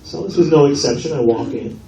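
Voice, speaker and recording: A man's voice: fairly high pitch, quick pace, gravelly, dull audio. A male stand-up comedian doing a brash, profane set on a comedy club stage. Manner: brash, profane, animated delivery. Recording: echoey club from a distance with crowd. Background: audience laughter.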